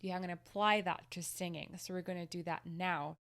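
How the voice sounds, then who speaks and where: A woman singing teacher giving a vocal lesson to camera, guiding each exercise step by step in a calm, instructive way. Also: lowish voice, a little fast.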